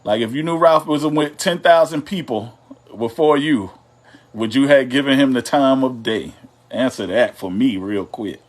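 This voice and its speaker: A man's voice: medium pitch, moderate pace. A man co-hosting a live couples talk show, chatting casually in a loose, drawling and teasing way. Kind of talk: casual live-stream chat.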